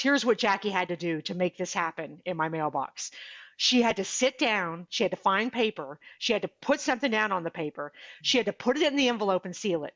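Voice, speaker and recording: Animated woman telling her story, dull sound. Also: medium pitch, no room sound. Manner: animated, acts out quoted dialogue. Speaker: podcast guest, author and speaker. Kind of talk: casual interview storytelling.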